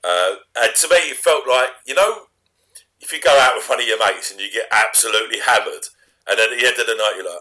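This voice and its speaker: A man recapping a wrestling show in a rambling way, often trailing off quietly. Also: on the low side, lively intonation, fast. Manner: rambling recap, drops to a mumble. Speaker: co-host. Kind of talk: casual chat.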